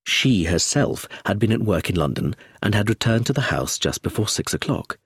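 A man reading a story aloud as narrator, in an expressive scripted narration. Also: fairly low pitch, moderate pace, slightly rough, no echo, studio quality.

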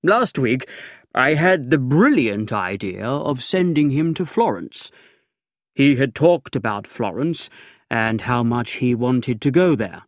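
A man narrating an audiobook in the first person, with a languid, dry, measured reading. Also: medium pitch, expressive, no room sound. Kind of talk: scripted narration.

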